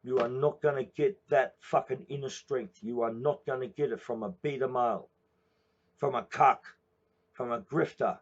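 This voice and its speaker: A man's voice: medium pitch, normal speed, dull audio. An Australian man from Queensland giving a blunt, profane, confrontational address to his viewers. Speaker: protest movement speaker.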